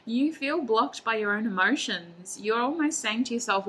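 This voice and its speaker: Woman, tarot reader; bright voice, chatty and laughing, speaking to viewers, faint noise underneath. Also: a little high, expressive, moderate pace, poor audio. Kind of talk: solo pick-a-card tarot reading.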